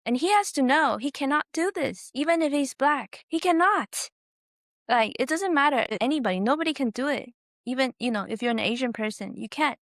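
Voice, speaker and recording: A woman from the United States, a comedian hosting her own podcast, telling a story in a casual, animated way, swearing freely and acting out what people said. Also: medium pitch, dry recording, clean studio sound. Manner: animated, swears freely, acts out quotes in raised voice.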